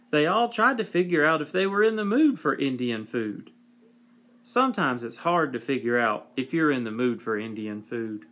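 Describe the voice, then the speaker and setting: A man reading a whimsical children's story aloud with a slow, wry delivery, sometimes clearing his throat. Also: mid-range voice, big pitch swings, fairly bright tone.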